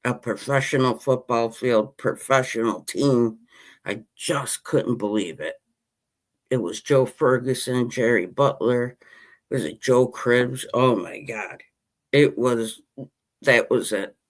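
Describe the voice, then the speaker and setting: A man's voice: mid-range voice, slow pace. A man, ranting passionately about his team as a podcast host in casual chat. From Western New York. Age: 50s. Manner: impassioned, rambling sports-fan rant.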